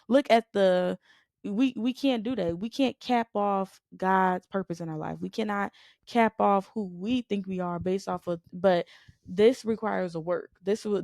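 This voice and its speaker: Woman, podcast co-host, gravelly voice, dry close sound, emphatic preachy chat, repetitive, asks rhetorical questions. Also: mid-range voice, a little mellow, no room sound. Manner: emphatic, repeats "you know what I'm saying"; builds points through repetition and rhetorical questions. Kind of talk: faith-based conversational preaching.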